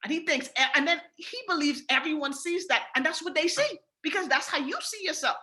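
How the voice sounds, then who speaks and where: A woman's voice: high-pitched, fairly quick, sharp tone. A woman with a Bahamian accent leading a sales team training call, emphatic and repetitive, talking straight to her listeners.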